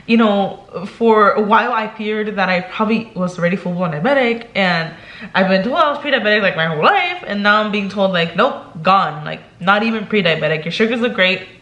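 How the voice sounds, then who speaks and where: A woman's voice: mid-range voice, animated, brisk, a bit bright, echoey room. A young woman vlogging in casual chat, talking chattily and emotionally, filling her talk with "like" and "girl".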